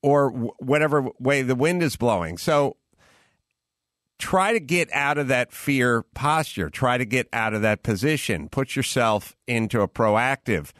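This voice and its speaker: A man hosts a podcast and gives advice in a casual, blunt way. He stumbles over and repeats the first words of his sentences. His voice sits at a middle pitch and sounds close and dry, with no room echo. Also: expressive, measured pace, fairly bright tone. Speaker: podcast host.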